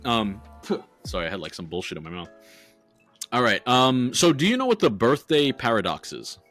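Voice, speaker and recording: A man's voice: mid-range voice, very animated, moderate pace, fairly bright tone, faint music behind. A man co-hosting a podcast in casual chat, talking loosely, swearing and laughing often. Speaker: podcast co-host.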